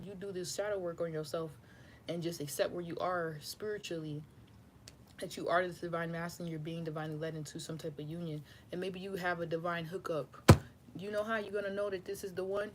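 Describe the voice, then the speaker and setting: A woman's voice: on the low side, a little hiss or hum. A woman tarot reader, giving a loose, rambling, profane spiritual reading to camera.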